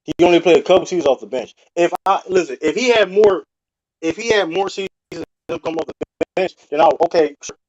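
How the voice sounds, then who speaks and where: A man with a deep voice in a heated panel debate, talking loud and repeating himself defensively. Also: a little fast, no room sound. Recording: dry, dull lo-fi sound.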